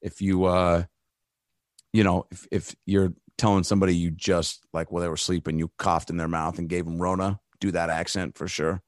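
A man's voice: sits low, flat delivery, moderate pace, no echo, clean studio sound. A man guesting as a comedian on a podcast, riffing loosely in casual chat with plenty of profanity and fillers.

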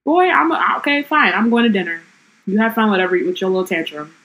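A woman's voice: mid-range voice, very animated, fast talker, a bit bright, rough recording. A woman voicing a sassy teenage girl who snaps back at a friend in an exasperated, dismissive way.

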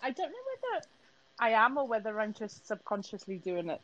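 A woman's voice: fairly high pitch, animated, brisk, muffled recording, over a noisy crowd. British woman guest, friendly, laughing. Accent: British English. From United Kingdom. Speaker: podcast guest. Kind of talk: casual chat.

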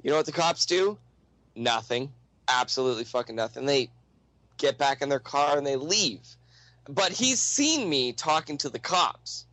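A young man telling a long, profane story in a casual, animated way. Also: medium pitch, normal speed, dry recording, poor audio.

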